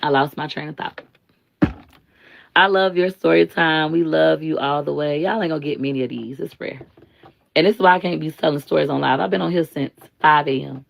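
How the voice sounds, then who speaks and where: A woman hosting a live stream, giving blunt, slangy commentary and telling stories in an animated way. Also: low voice, brisk, gravelly. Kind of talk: casual commentary and storytelling.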